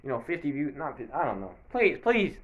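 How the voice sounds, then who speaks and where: A man's voice: mid-range voice, big pitch swings, fast, lo-fi sound, a little hiss or hum. A man giving a casual, rambling sports recap to camera, breaking into bursts of mock play-by-play hype. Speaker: sports video creator. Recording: echoey room.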